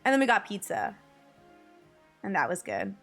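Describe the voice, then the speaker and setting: A woman's voice: mid-range voice, wildly swooping pitch, moderate pace, gravelly, fairly bright tone, soft background music. A young woman from the New area, chatting casually to her stream viewers, swearing freely and laughing often. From New York / New Jersey area. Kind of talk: casual chat to viewers while gaming.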